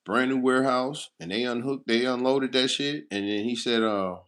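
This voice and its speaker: A trucker talking straight to his audience in a blunt, cursing, no-nonsense way. His voice sits at an ordinary middle pitch for a man, and his loudness and tone rise and fall as he tells his road stories. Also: steady tone, moderate pace. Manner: blunt, heavily profane storytelling. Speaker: truck driver. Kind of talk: casual straight-to-camera talk.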